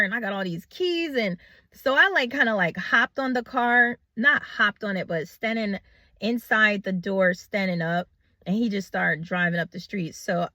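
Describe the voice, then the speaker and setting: A woman's voice: on the high side, sharp tone, no echo. A middle-aged woman telling a personal story in a casual storytime style, acting out her own past thoughts.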